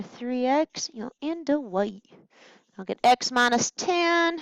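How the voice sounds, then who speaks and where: A woman math teacher with a high-pitched, expressive, creaky voice speaks slowly as she works through practice problems at a smart board. She's chatty and playful, making little asides to herself, in a test-prep recording with no room sound and cut-off highs.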